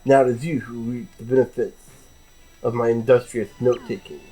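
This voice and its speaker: A studious martial arts pupil boasting about his exam marks in a quiet, husky voice, as a gamer reads him. He is earnest and a bit self-important. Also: medium pitch, fairly even intonation, normal speed, soft background music, natural voice, low-quality recording. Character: nerdy martial arts student gate guardian.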